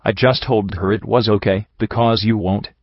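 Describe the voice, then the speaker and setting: A man doing a soft-spoken young mare pegasus. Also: lowish voice, steady tone, normal speed, no echo. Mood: soft pleading. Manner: soft, tearful. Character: gentle young female pegasus, soft and caring. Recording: dull lo-fi, dry.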